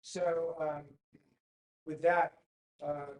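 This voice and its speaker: A man giving a presentation at a city council meeting, speaking in a measured way with frequent fillers and restarts. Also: on the high side, flat delivery. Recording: echoey council chamber.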